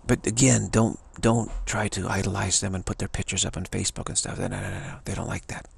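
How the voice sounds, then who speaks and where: Gravelly, husky-voiced man giving spiritual talk. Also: low voice, fairly even intonation, quick pace. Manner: emphatic, repeats himself, chuckles. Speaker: spiritual teacher. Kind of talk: rambling spiritual talk to camera.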